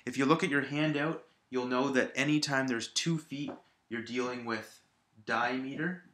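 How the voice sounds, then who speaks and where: A man's voice: mid-range voice, moderate pace, a bit bright, echoey room. A male teacher patiently explaining a lesson, repeating examples aloud to stress each syllable. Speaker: high school English teacher. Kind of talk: recorded video lesson.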